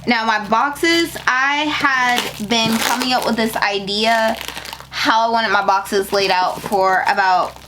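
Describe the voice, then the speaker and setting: A young woman unboxing her new business packaging in a casual vlog, excitable and emotional, talking in slang. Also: fairly high pitch, slow, background noise. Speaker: beauty business owner.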